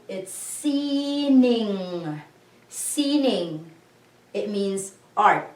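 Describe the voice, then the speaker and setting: Slow patient lady teacher spelling out syllables, sounds far off in a roomy space. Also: mid-range voice. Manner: spells out syllables slowly, asks learners to repeat. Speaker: language teacher. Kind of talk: slow patient language lesson. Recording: echoey room, voice a bit far from the mic.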